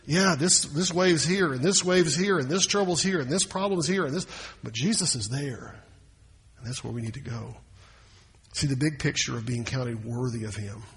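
Male pastor, husky and a touch high, emphatic sermon delivery, reverberant church hall. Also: normal speed, fairly bright tone. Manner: emphatic, repeats key phrases.

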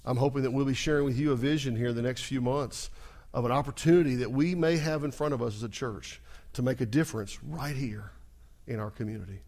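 A man preaching a sermon as pastor, working the congregation with repeated call-and-response lines and swinging from soft asides to loud, rising exclamations. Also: mid-range voice, quick pace, few pauses.

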